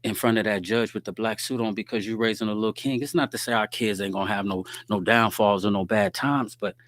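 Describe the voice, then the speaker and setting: A man's voice: on the low side, fairly even intonation, a little fast, fairly bright tone, no echo. Man, casual faith talk, preachy and direct, dry close sound. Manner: preachy, streetwise, talks to listeners directly.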